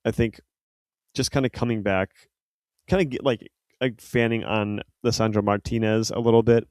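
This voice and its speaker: Man, podcast co-host, casual football talk, rambling, lowish voice, dry close sound. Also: steady tone, normal speed, a little mellow, dry recording. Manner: rambling, filler-heavy, self-correcting.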